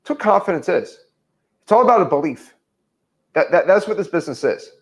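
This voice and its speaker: A young man coaching real estate in a relaxed, animated way, often acting out both sides of a conversation. His voice sits slightly high, with very lively pitch. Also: brisk. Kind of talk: casual teaching talk.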